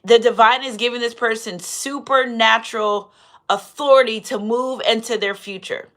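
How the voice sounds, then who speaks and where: A woman's voice: on the high side, fairly even intonation, normal speed, a bit bright. A woman giving a live tarot reading. She preaches, quotes scripture and repeats her phrases. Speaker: tarot reader.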